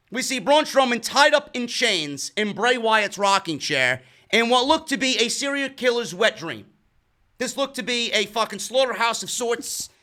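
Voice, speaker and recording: A man's voice: sits high, pushed and bright. A man casually recapping a wrestling show, swearing often, stumbling over his words and sounding exasperated.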